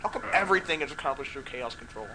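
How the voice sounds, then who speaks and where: A man's voice: medium pitch, lively intonation, noisy background. A man hosting a let's play, joking and rambling in casual game commentary. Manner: joking, rambling, quick laughs.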